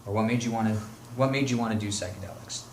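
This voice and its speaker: A man's voice: fairly low pitch, fast, a little hiss or hum. A man interviewing a friend in casual, loosely phrased chat. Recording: roomy echo.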